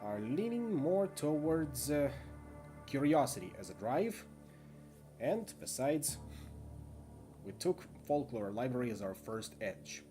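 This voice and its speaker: A man reading and narrating a solo tabletop roleplaying game, in a measured storyteller manner. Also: faint music behind. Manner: measured storyteller, lively pitch.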